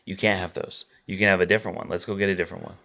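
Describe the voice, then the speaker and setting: A middle-aged father vlogging casually, coaching his kids and telling family stories in a relaxed way. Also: deep voice, very fast, gravelly. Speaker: vlog host and father. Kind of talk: casual family vlog talk.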